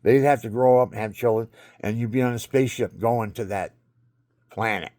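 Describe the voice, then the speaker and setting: A man talking straight to his video camera in a rambling monologue that swings into excited preaching. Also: medium pitch, moderate pace, dry recording, clean studio sound. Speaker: video maker.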